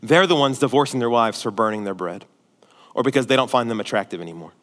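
A male pastor preaching a sermon, forceful and emphatic at times and quiet and pastoral at others. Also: medium pitch, fast talker. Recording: long hall reverb.

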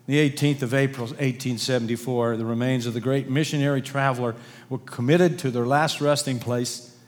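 A man's voice: mid-range voice, in a large hall. A man preaching a sermon in an earnest manner, reading quotations aloud to his congregation. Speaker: pastor.

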